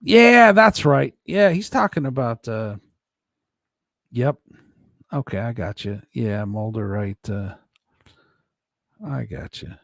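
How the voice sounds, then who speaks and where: A man's voice: mid-range voice, slow, creaky, long pauses, no room sound, clean studio sound. A man hosting a casual live stream, rambling and chuckling as he talks to his chat by name.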